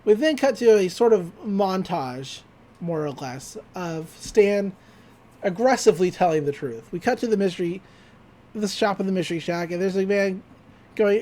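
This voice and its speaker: A podcast host casually recapping a cartoon episode, telling it in an animated way and laughing often. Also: medium pitch, moderate pace.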